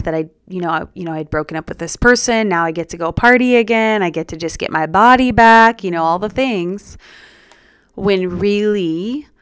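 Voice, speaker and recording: A young woman telling her personal story as a podcast guest, earnest and reflective, in a soft-spoken way. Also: on the low side, clean tone, no room sound, studio quality.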